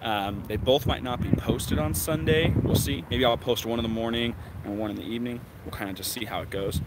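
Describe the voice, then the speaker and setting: A man's voice: medium pitch, a little fast. A man chatting casually on a live stream from outdoors, telling rambling stories as a vlogger and basketball referee. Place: outdoors, windy. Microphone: phone on a mobile connection. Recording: choppy phone stream with loud wind and traffic. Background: wind and passing traffic.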